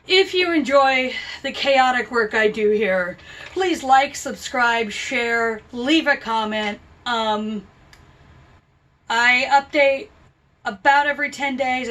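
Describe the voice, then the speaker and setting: A woman's voice: on the high side, fairly bright tone, far from the mic. Chatty woman crochet vlogger, a bit off-mic. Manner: chatty, self-deprecating, rambling asides. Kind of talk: casual chat.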